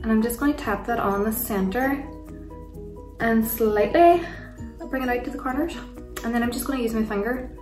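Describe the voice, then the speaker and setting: With long pauses and a slightly mellow, fairly high voice at a moderate pace, a young Irish beauty vlogger chats through her makeup routine, gushing over products, rambling and often laughing. It's a casual tutorial and Q&A filmed in a room at home, kids nearby. Sitting away from the mic gives a roomy echo, and faint music plays underneath.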